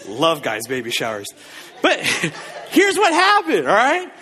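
A man preaching a sermon as pastor, telling the story in a joking, animated way with sudden shouts. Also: sits high, long reverb tail.

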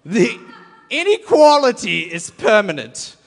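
A pastor putting on a pompous old-world philosopher, slow, shouting, high-pitched, long hall reverb. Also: male voice, wildly swooping pitch, gravelly, exaggerated voice. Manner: slow, loud, declaiming. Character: booming pompous ancient male philosopher.

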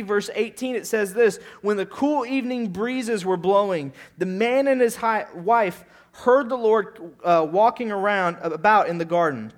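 High-voiced man preaching conversationally. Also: fairly bright tone. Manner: conversational preaching with tag questions and acted-out quotes. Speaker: pastor. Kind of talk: sermon.

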